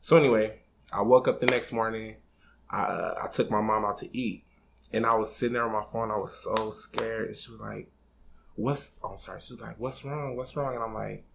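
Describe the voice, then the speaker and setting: A man's voice: lowish voice, vocal fry, a bit bright, slight background noise. A man in his twenties on a podcast, candidly telling a personal story in a casual, slangy way, swearing freely and getting emotional. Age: 20s.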